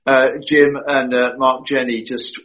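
A man's voice: medium pitch, a little slow, poor audio. A man telling anecdotes as an interview guest, acting out the dialogue as he goes. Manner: animated, acts out quoted dialogue. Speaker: guest recalling a film shoot. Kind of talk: anecdotal storytelling.

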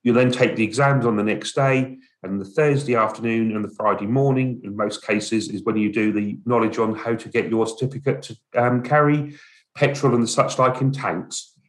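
A man co-hosting a podcast, speaking in a relaxed, plain-spoken way as he moves the talk on to the next topic. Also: medium pitch, moderate pace. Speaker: podcast co-host, driver agency office manager. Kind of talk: casual chat.

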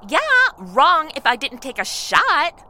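Flirty troublemaker sister, woman, high and very lively, slow drawl. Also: a little hiss or hum, exaggerated voice. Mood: teasing. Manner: teasing, suggestive.

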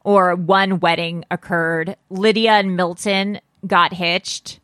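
A woman co-hosts a casual gossip podcast in a fairly low voice. The sound is dry and close, with no room around her. She talks fast and loose, tossing in quick reactions. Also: flat delivery, fairly bright tone, no echo. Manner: chatty, reacts with quick exclamations. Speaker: podcast co-host.

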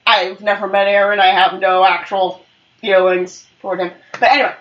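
A woman co-hosting a casual chat podcast, retelling a show in an expressive, playful way and swearing freely. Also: mid-range voice, normal speed, far from the mic, dull audio. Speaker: podcast co-host. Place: at home on a couch.

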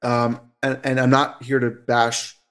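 A man speaking as a therapist guest in a casual podcast interview, talkative and animated, with frequent fillers and restarts. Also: mid-range voice, measured pace. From United States.

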